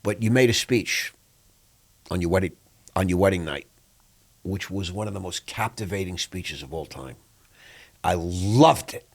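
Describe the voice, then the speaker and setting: Man, low voice, gravelly, casual storytelling host. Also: measured pace, long pauses. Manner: animated storyteller, acts out quoted voices. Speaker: podcast host.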